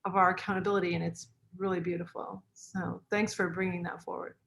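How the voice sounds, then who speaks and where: A woman's voice: on the low side, little pitch movement, a little fast, creaky, a bit bright. A woman hosting an online leadership conference, chatting in an encouraging way with a speaker. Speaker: conference host. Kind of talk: casual chat with a guest speaker.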